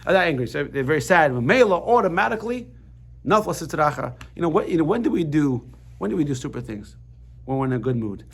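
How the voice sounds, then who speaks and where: Excitable man teaching a class. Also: on the high side, fast talker, creaky, breathy edge. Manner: excitable, jumps between explanation and jokes. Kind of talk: animated class lesson.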